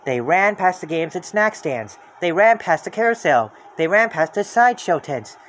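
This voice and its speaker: A storybook reader narrating a children's book aloud in a lively, expressive way. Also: mid-range voice, normal speed, hardly any pauses, a little hiss or hum.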